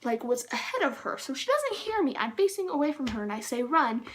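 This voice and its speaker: Rambling, excitable young woman vlogger. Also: high voice, fast talker. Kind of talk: casual storytime vlog.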